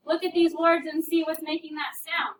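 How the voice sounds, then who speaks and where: A woman's voice: high voice, level tone, normal speed, slight background noise. A woman teaching a phonics lesson to a class, patiently prompting students and calling on them by name. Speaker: elementary school teacher. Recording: echoey classroom from far off.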